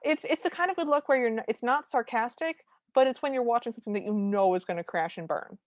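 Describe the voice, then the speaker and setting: A woman co-hosting a podcast, chatting casually as she recaps a movie and briefly acts out characters' lines with animated energy. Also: a little high, quick pace, dry recording, highs cut off. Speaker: podcast co-host.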